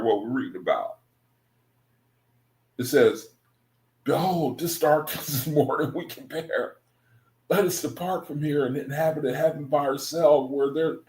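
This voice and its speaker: A man casually reading scripture aloud and commenting on it, relaxed and chatty, often chuckling and dropping in "man" and "you know.". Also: fairly high pitch. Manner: laid-back, laughs often, says "man" and "you know". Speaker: religious study group reader. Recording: echoey room.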